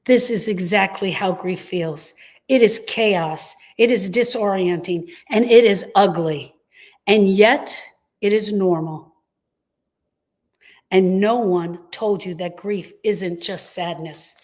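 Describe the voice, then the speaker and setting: A woman's voice: medium pitch, slow, long pauses, darkish tone. Emphatic woman reassuring grieving parents. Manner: earnest, emphatic, reassuring, repeats key phrases. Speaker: grief coach and host. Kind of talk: live-streamed talk to grieving parents.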